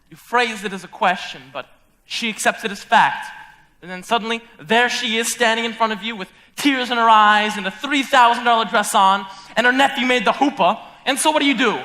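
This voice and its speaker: Young man as a rambling show-tune fanatic, high voice, bright tone, confiding, school stage musical. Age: young adult. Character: lonely theatre-loving man narrating from his chair. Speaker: stage actor. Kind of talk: live stage musical acting.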